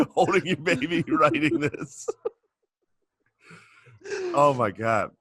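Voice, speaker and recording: A man's voice: on the high side, expressive, slow, fairly bright tone, breathy edge, no echo, clean studio sound. A man co-hosting a comedy podcast, reacting in short bursts with frequent laughter. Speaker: podcast co-host. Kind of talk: casual comedy podcast chat.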